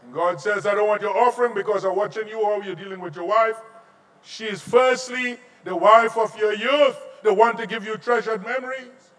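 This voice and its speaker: A middle-aged Trinidadian pastor preaches in a high-pitched voice, dropping to quiet asides and then rising into shouts. He sits at some distance from the mic in a large auditorium. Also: normal speed. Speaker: visiting pastor. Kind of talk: sermon.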